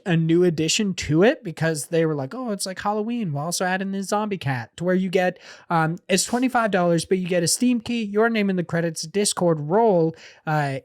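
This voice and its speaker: A high-voiced man co-hosts a podcast, chatting casually, swearing a lot and ranting in a joking, profane way. The recording is studio quality with no echo.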